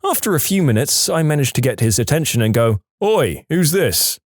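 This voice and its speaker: Guy narrating reddit style stories, relaxed and chatty, lively up-and-down voice, dry close mic. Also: medium pitch, fast talker, no room sound. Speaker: story narrator. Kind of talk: storytelling narration of submitted stories.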